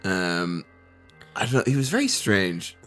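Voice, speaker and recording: A man's voice: low voice, wildly swooping pitch, unhurried, a bit bright, faint music behind. An Irish man co-hosting a podcast, talking in a loose, rambling way with lots of quoting. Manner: rambling, hesitant, quotes others a lot. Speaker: podcast co-host. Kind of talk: casual chat.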